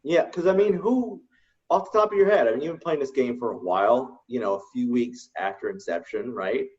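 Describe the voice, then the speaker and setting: A man co-hosting a casual gaming chat, telling stories in an animated way and laughing often. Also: mid-range voice, a little fast, distant mic, lo-fi sound. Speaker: co-host.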